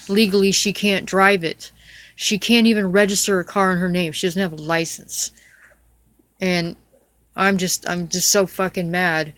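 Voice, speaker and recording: A woman's voice: on the low side, a bit bright, no room sound. A middle-aged woman venting angrily in a personal video rant, swearing and repeating herself. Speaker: vlogger. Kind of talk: angry personal rant to camera.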